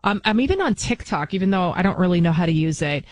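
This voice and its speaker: A woman's voice: fairly low pitch, fast talker, no room sound, low-quality recording. A woman in her forties who hosts TV news tells stories in a casual monologue. She rambles and keeps restarting her sentences. Her voice is dry and close, with no room sound. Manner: animated, rambling, frequent restarts. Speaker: TV news host.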